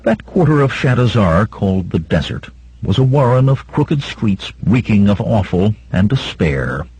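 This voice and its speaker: A man's voice: on the low side, big pitch swings, measured pace, slightly rough, low-quality recording. A man narrating an audiobook in a dramatic reading style. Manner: dramatic, voices shouts of characters. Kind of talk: scripted narration.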